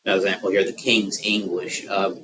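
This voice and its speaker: A man with a Southern American accent giving an unscripted geography lecture, rambling with many filler pauses. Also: sits low, level tone, pushed and bright. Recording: distant mic with noticeable background noise.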